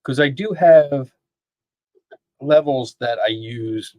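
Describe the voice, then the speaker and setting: A man's voice: mid-range voice, slow, darkish tone, no room sound. A man hosting a live stream from a home studio, chatting casually and reading comments aloud, often laughing and rambling. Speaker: podcast host. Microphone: dynamic microphone.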